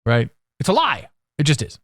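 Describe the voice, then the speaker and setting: Man rambling candidly, swooping pitch. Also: wildly swooping pitch, moderate pace, a bit bright, no echo. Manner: candid, profane, meandering with restarts. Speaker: podcast host. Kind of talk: casual rambling monologue.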